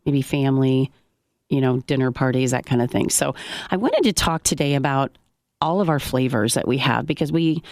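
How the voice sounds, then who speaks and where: Low-voiced woman business guest. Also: animated, normal speed, dry recording, studio quality. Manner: warm, chatty, explains in long runs. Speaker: coffee shop owner, guest. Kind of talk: casual radio chat. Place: radio studio.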